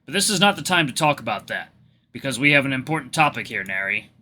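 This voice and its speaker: Stern alpha wolf, read by a man, calm and commanding, bright voice, matter-of-fact lecturing. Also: mid-range voice, quick pace, a little hiss or hum.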